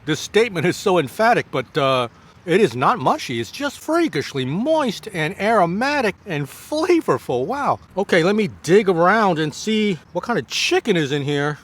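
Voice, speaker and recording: A man giving a casual food review to camera, effusive and full of drawn-out exclamations, with halting restarts between bites. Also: high-pitched, very animated, fairly bright tone. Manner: effusive, many drawn-out exclamations while tasting. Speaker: food vlogger.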